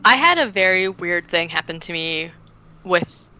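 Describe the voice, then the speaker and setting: A woman's voice: lowish voice, expressive, measured pace, bright, forceful tone, muffled recording. A woman guest on a podcast telling stories in casual chat, hedging with frequent fillers. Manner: chatty, hedging with "um" and "like", storytelling.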